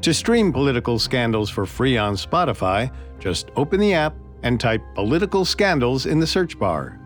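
A male podcast host narrates history with dramatic storytelling. His pitch is lively and varied, with faint music under some passages. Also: normal speed.

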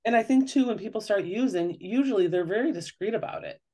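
Earnest woman guest, mid pitch, explanatory interview delivery. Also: fast, dark tone, slight background noise. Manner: earnest, explanatory, often acts out quoted questions. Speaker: parenting author and guest. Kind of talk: conversational interview.

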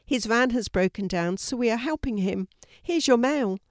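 A woman's voice: a little high, expressive, normal speed, no room sound, studio quality, pitched above the performer's own voice, lightly acted. A grandmother doing an eager young girl. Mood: cheerful. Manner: bright, cheerful, helpful. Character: young girl who rides a horse, kind and eager.

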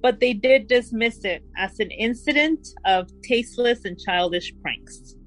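A woman co-hosting a podcast, recounting a true-crime case and reading quoted notes slowly and deliberately. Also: on the high side, soft background music, rough recording. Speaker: podcast co-host telling the story.

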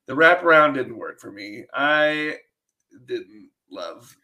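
Male co-host, bright tone, easygoing moderator, soft trailing endings. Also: medium pitch, expressive, takes it slowly. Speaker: podcast co-host. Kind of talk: casual chat.

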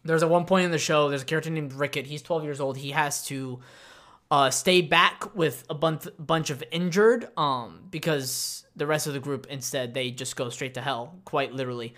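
Talking loosely about an anime on a podcast he co-hosts, this man fills his speech with fillers and frequent restarts. He sounds a little high and fairly bright, speaking at an ordinary pace.

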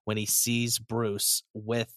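A man's voice: lowish voice, monotone, takes it slowly, fairly bright tone, no echo. A man in casual podcast chat, talking in an enthusiastic, effusive way.

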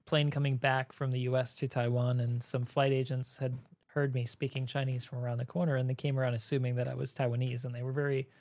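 A man chatting on a panel, telling animated stories and acting out what people said. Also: medium pitch, fast, no echo. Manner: animated storyteller, acts out quotes. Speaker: guest content creator. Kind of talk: casual panel chat.

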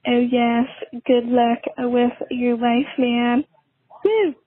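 A woman's voice: a little high, monotone, takes it slowly. A woman leaving a casual, chatty voicemail as a caller. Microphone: phone. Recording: tinny phone line.

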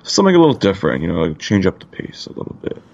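A laid-back man from Canada co-hosts a casual podcast with a very deep, gravelly voice. He swears freely and leans on "like" between phrases. The sound is a little dull and lo-fi. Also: huge pitch swings, rapid-fire, darkish tone. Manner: laid-back, swears a lot, lots of "like" fillers. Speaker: podcast co-host.

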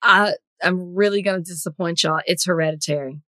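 A woman's voice: fairly low pitch, brisk, bright, forceful tone, dry recording. A woman co-hosting a podcast in casual chat, talkative and full of examples. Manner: talkative, tells stories with examples. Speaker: podcast co-host.

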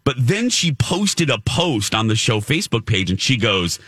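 A male talk host chatting casually and telling stories, acting out quotes with a lively, swinging voice. His tone is bright and forward, recorded close and dry. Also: medium pitch, normal speed, breathy edge, no echo. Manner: animated storyteller, acts out quotes. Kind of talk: casual chat.

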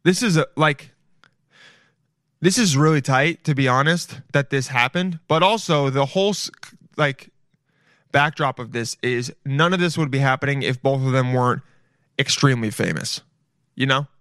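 A man's voice: mid-range voice, moderate pace, pauses often, a bit bright, no room sound, clean studio sound. A man hosting a podcast, riffing in casual comedic commentary, rambling, swearing and calling the listeners "dude". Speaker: podcast host.

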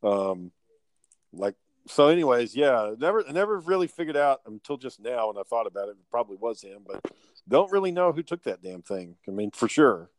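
A man's voice: medium pitch, very animated, fairly quick, no room sound. A man telling rambling, profane family stories in casual podcast chat.

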